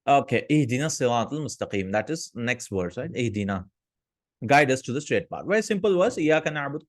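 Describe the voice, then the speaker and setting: A man's voice: mid-range voice, very animated, fairly quick. A man teaching an online Arabic grammar lesson, explaining step by step and often checking in with listeners. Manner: explanatory, checks in with "right?" and "hmm?".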